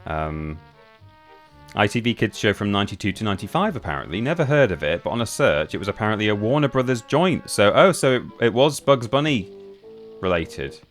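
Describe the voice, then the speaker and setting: Chatty low-voiced man streaming. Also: lively intonation, fairly quick, soft background music. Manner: rambling, chatty, restarts sentences often. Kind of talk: casual live-stream chat while gaming.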